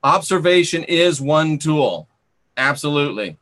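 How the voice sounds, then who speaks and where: Hosting a live chat stream, a man reads out comments and bans rude viewers, sounding sarcastic and scolding. His voice is a bit high, bright and forceful, and he takes his time.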